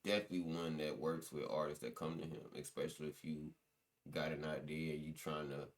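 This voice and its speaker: A man's voice: very deep voice, steady tone, a little fast. A young man, a guest musician, telling stories in loose, slangy casual chat with lots of restarts.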